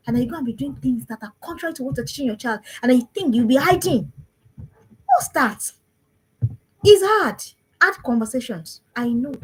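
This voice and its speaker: A woman's voice: sits high, lively intonation, fairly quick, husky, rough recording. A woman, a parenting coach giving an emphatic talk to parents and repeating phrases for stress.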